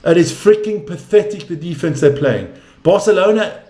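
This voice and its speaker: A man streaming live basketball commentary, fed up and ranting with plenty of swearing. His voice sits slightly high, and the room around him rings with echo. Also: animated, normal speed, dark tone. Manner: exasperated, ranting, swears freely. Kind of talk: casual profane live commentary. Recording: echoey room.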